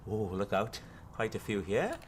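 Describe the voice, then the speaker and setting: A man's voice: fairly low pitch, big pitch swings, normal speed, a little hiss or hum. A middle-aged man with a Welsh accent, playing a chatty sitcom character who patiently explains things in a folksy way. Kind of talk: scripted TV comedy acting.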